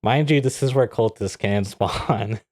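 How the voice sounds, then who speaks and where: A man's voice: lowish voice, a little slow, no room sound. Podcast guy telling a gaming story, lots of laughs, super dry mic. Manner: animated, laughs often, acts out quotes. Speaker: podcast co-host. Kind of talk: casual chat, storytelling.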